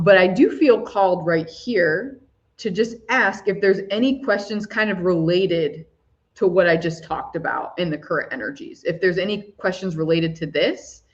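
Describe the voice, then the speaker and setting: A woman hosting a live spiritual talk for chat viewers, soft-spoken and gushing, often breaking into laughs. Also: fairly low pitch, highs cut off. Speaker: spiritual livestream host.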